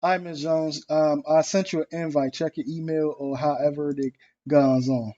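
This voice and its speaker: A man hosts a casual livestream, talking bluntly and cursing freely. His voice is warm, on the high side, and steady at a moderate pace, carried by dull lo-fi stream audio.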